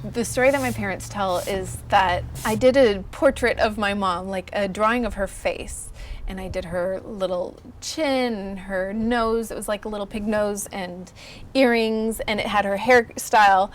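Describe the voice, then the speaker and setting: A woman illustrator in her thirties chatting casually in an interview, telling lively stories and acting out the voices of people she quotes. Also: medium pitch, measured pace, slight background noise. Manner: animated storyteller, acts out quoted voices.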